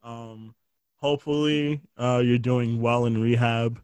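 A man's voice: medium pitch, steady tone, takes it slowly, background noise. A man chatting casually as a podcast co-host, telling stories with jokes, swearing and lots of fillers. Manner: joking storyteller, swears freely, lots of fillers. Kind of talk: casual chat.

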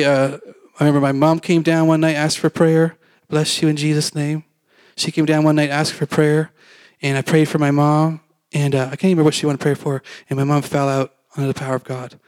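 A man's voice: fairly high pitch, level tone, normal speed, a little mellow, smooth, no room sound. A man preaching a testimony, telling his story in a rambling, conversational way with fillers and acted-out quotes.

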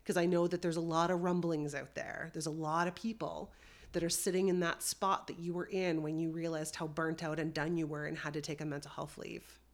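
A woman's voice: low voice, little pitch movement, brisk. A woman hosting a podcast, speaking in an encouraging, heartfelt and earnest way. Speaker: podcast host. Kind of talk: interview conversation.

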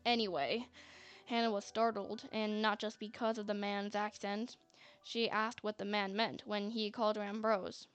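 A woman's voice: mid-range voice, little pitch movement, normal speed, smooth, no room sound. A woman narrating a story in a chatty manner, with sarcastic asides. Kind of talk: scripted narration. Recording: faint music bed.

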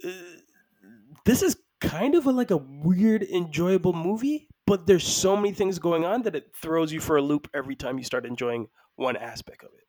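A man co-hosting a casual movie review chat, animated and quick to act out scenes and laugh. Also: a little high. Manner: animated, acts out scenes in voices, laughs often. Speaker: podcast co-host.

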